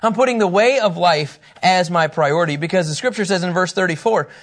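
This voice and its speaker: A man teaching a sermon, emphatic and animated, often acting out the lines he quotes. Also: high voice, brisk. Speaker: pastor.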